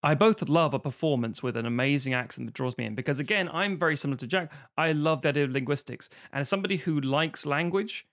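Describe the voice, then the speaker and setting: A man's voice: fairly high pitch, animated, quick pace, hardly any pauses, a bit bright. Thoughtful man with a London accent. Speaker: podcast co-host. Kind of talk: casual podcast chat.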